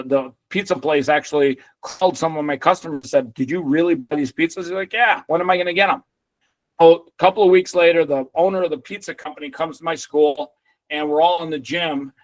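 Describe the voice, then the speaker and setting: Animated storytelling man, dry sound. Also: fairly high pitch, no room sound, low-quality recording. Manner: animated, swearing, acts out other people's lines. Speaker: guest. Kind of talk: storytelling in a podcast interview.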